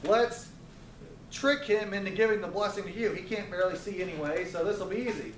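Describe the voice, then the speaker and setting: Picture a man lightly playing a scheming mother, high for a man, coaxing her son in an urgent, conspiratorial tone. She sounds roomy and set back from the mic, with a faint room hum behind her. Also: brisk, close to an everyday voice. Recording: roomy, distant, faint ambience.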